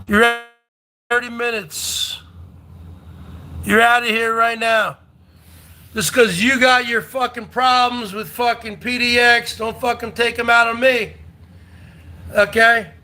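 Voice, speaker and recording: A man from North Jersey with a New Jersey accent, hosting a livestream and ranting loudly at chat, taunting and swearing and repeating himself, with frequent high whooping shouts. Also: level tone, slow, long pauses. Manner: loud, combative, profane, repetitive taunting. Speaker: livestream host. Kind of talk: rowdy livestream rant to chat.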